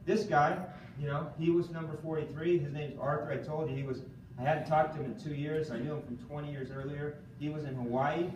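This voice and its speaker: A man giving an animated motivational training talk to a live audience, often quizzing them and asking "okay?". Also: a little high, noisy background. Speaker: seminar speaker. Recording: echoey room from far off.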